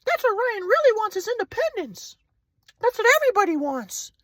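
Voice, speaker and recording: Man doing a calm, preachy old grandpa. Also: extremely high pitch, fairly quick, no room sound, pitched above the performer's own voice, heavily acted. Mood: lecturing. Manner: soothing, lecturing about oneness and trust.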